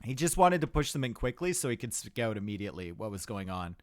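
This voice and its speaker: A man's voice: on the low side, sing-song, quick pace, no echo. A man with a Canadian accent giving upbeat, chatty live commentary on a strategy game match and answering his chat. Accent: Canadian English. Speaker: game caster.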